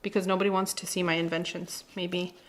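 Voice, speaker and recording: A woman's voice: fairly low pitch, little pitch movement, brisk, a little hiss or hum. A woman in her thirties hosting a casual home cooking video in her kitchen, chatty and playful, dropping in Spanish words as she talks. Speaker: cooking channel host.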